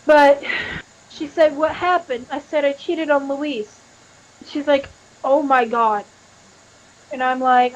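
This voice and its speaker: Woman, high voice, candid, emotional, swears a lot, live stream, dull lo-fi audio. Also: fairly even intonation, slow pace. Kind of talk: confessional live-stream chat.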